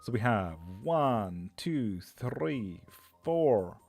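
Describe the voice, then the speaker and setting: A man's voice: mid-range voice, big pitch swings, extremely slow, vocal fry, darkish tone. A man, a tarot reader hosting a live stream, chatting loosely with viewers, swearing and laughing often.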